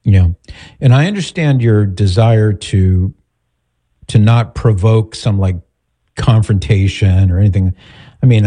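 A man hosting an advice talk, answering a caller calmly and directly. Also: on the low side. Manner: calm, direct, advising. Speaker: host giving advice.

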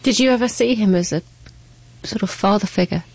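A woman interviewing a guest, asking gentle, encouraging questions. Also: medium pitch, a little fast, slightly rough, no room sound, poor audio.

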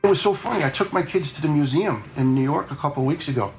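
Here the same kind of speaker, a retired fire lieutenant in his fifties, tells stories in a blunt, chatty way, peppered with swearing. His voice runs on the high side, lively and fast with a slightly mellow quality, over faint background music in a low-quality recording.

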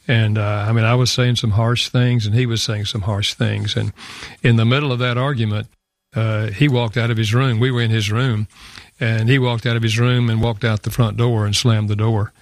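A man's voice: lowish voice, level tone, moderate pace, no room sound, clean studio sound. An older man, an author and guest, telling a personal story in an earnest, reflective way with small fillers. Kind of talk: personal storytelling in a radio interview.

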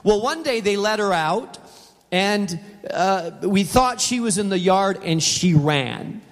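A middle-aged pastor with a fairly high voice preaches to a church auditorium in a relaxed, conversational way, acting out the voices in his anecdotes. The sound has the long reverb of a big hall. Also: slow. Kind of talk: sermon with personal storytelling.

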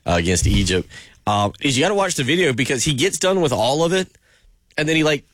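A man's voice: medium pitch, big pitch swings, fast talker, no room sound. A man hosting sports talk radio, rambling loosely with many fillers.

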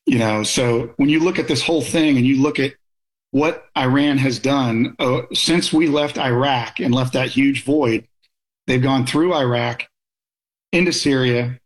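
Man, veteran guest, anecdotal, stop-start delivery, mid-pitched voice. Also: poor audio. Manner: anecdotal, many restarts and fillers. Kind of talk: casual storytelling interview.

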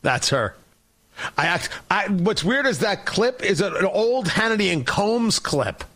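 A man's voice: sits high, sing-song, a little slow, fairly bright tone, slight background noise. A male talk show host giving sarcastic, rambling political commentary. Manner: sarcastic, mocking, rambling with restarts.

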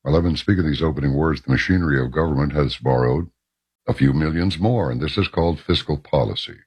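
A man's voice: extremely low pitch, quick pace, a little mellow, breathy edge. A man hosting a talk radio show, reading an article aloud and adding wry asides.

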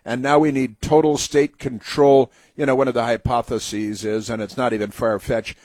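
A man's voice: medium pitch, flat delivery, normal speed, a little mellow, no room sound. A man hosting political talk radio, rambling and mocking in a sarcastic tone. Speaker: radio host.

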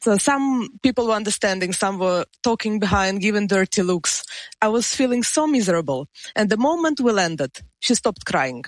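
Calm mother, mid pitch, dry recording, measured telling. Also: dry recording. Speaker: podcast guest. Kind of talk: casual storytelling.

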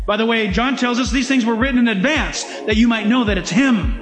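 A man preaching a sermon as pastor, animated and emphatic, sometimes laughing as he speaks. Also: extremely high pitch, fairly quick, reverberant, faint music behind.

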